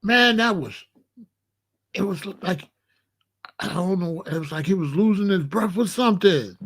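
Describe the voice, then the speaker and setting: A man with a high voice hosts a live reaction stream. He talks in an unhurried, drawn-out way, loose and casual. He keeps circling back to the same points and keeps asking his viewers questions. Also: lively intonation, breathy edge. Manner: casual, repetitive, asks chat questions. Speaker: commentary channel host.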